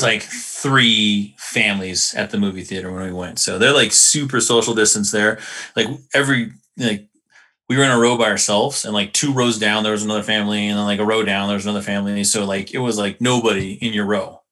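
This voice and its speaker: Male podcast co-host, bright voice, animated slangy storyteller. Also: on the low side, fairly quick. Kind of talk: casual chat.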